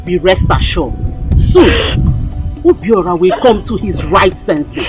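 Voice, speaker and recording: An actress with a Nigerian accent playing a calm, reassuring middle-aged mother. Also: on the low side, slow pace, music in the background. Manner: soothing, reassuring. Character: calm, assured noblewoman mother. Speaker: mother of Obiora. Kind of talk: film drama acting.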